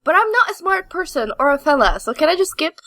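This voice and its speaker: Bubbly young woman from Eastern Europe, podcast co-host, very lively pitch, dry close sound. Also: quick pace, no echo. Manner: bubbly, excitable. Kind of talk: casual podcast chat.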